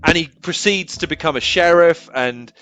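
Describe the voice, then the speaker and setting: A man, an interview guest, telling rambling, animated stories in casual chat and laughing often. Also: on the high side, normal speed, clean tone, faint music behind.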